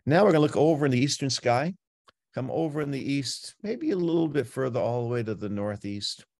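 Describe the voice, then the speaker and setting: A man presenting a night sky tour, teaching in a chatty, playful way with frequent jumps in pitch. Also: lively intonation, fairly quick, vocal fry, darkish tone, dry recording, studio quality. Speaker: planetarium presenter. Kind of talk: informal astronomy talk.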